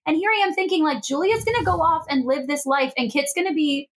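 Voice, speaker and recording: A woman co-hosting a podcast in casual chat, animated and swearing freely as she recaps a film. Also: high voice, fast talker. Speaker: podcast co-host.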